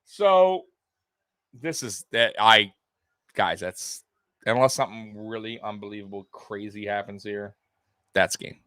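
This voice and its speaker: A young man hosting a live sports stream, talking straight to his viewers in an animated, repetitive way with plenty of swearing. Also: fairly low pitch, unhurried, pauses often, no echo. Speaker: sports livestream host. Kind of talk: live postgame commentary to viewers.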